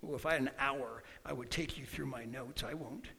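A man preaching a sermon, emphatic, swinging between loud bursts and quiet asides. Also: mid-range voice, fairly quick, vocal fry. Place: church hall. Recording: long hall reverb.

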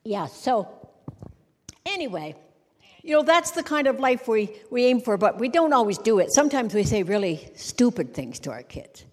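With a sing-song, slightly high voice at normal speed, a middle-aged church speaker gives a funny sermon. She tells wry stories, cracks jokes, and acts out little scenes, all under long hall reverb.

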